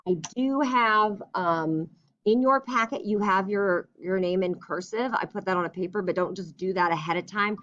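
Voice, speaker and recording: Teacher woman dictating a letter slowly. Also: mid-range voice, a bit bright, muffled recording. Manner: slow and deliberate when dictating, chatty in between. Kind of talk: recorded classroom writing lesson.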